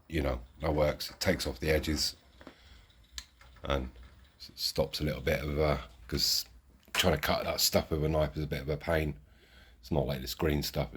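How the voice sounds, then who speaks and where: A man talks through his scenery build in a casual, rambling way, joking at his own expense. His voice sits very low and has a husky edge. He is recording outside. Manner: rambling, chatty, self-deprecating. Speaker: model railway hobby vlogger. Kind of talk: casual hands-on craft commentary. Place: outdoors.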